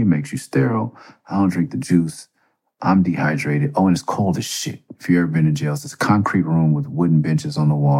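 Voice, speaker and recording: A man casually telling a personal story on a podcast, loose and profane, with lots of fillers. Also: a little mellow. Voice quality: gravelly, husky low voice.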